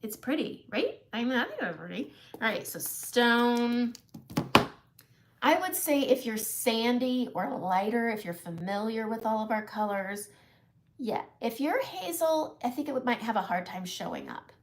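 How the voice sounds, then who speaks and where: A woman's voice: a little high, lively intonation, unhurried. A middle-aged woman chatting casually through a makeup tutorial, self-deprecating and laughing often. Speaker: makeup live-stream host.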